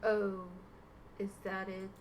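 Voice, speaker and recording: A young woman streaming a visual novel, reacting emotionally and breaking into loud outcries. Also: mid-range voice, monotone, slow pace. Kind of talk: let's play, reading a visual novel aloud. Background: game music.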